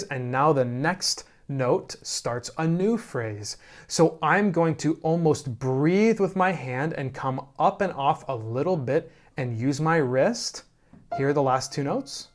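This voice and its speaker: A man teaching piano, calmly explaining phrasing and often checking in with "right?". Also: fairly high pitch. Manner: calm, slow explaining with frequent "right?" checks. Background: piano playing.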